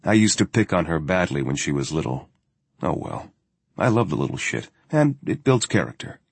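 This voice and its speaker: A man reading a first-person journal story in a steady, matter-of-fact way. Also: sits low, fairly quick, gravelly, husky, no echo. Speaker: audiobook narrator.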